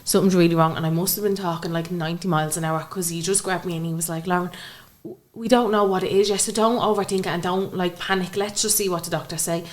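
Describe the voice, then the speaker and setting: Fast-talking young Irish woman. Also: lowish voice, steady tone. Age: young adult. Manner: recounts events by acting out quoted dialogue. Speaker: podcast guest. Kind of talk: emotional personal storytelling in conversation.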